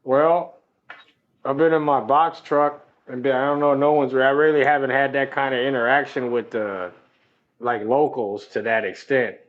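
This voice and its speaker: A man talking as a podcast guest and truck driver, relaxed and streetwise, swearing freely. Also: mid-range voice, normal speed, lo-fi sound. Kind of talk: casual chat. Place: on the road, remote call.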